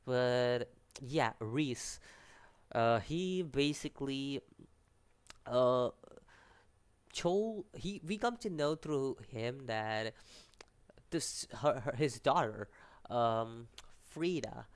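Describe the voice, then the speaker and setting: A man with a non-native English accent, casually reviewing an anime episode, rambling and animated, stumbling over names and restarting sentences. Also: medium pitch, extremely slow, pauses often, clean tone.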